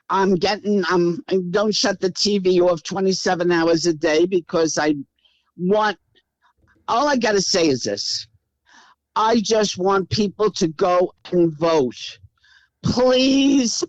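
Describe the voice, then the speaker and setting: A woman's voice: lowish voice, no echo, lo-fi sound. A woman in her eighties with a Brooklyn accent, speaking as a guest in a casual interview from her house. She talks in a brassy, wisecracking, blunt way. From Brooklyn, New York. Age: 80s. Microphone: remote call.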